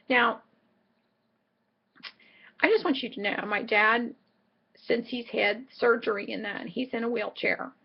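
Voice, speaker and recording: A woman's voice: on the high side, creaky, husky, lo-fi sound. A middle-aged woman vlogging in a casual, rambling way, telling a chatty story full of asides. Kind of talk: casual chat.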